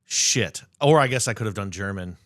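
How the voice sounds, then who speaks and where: A man's voice: fairly low pitch, expressive, normal speed, a bit bright, dry recording. A man guesting on a podcast, chatting casually and joking at his own expense. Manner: self-deprecating, joking. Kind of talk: casual chat.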